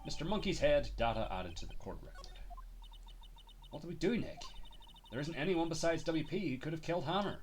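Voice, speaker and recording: A man's voice: on the high side, lively intonation, brisk, long pauses, soft background music. A male streamer reading a detective game's dialogue aloud, switching voices for each character.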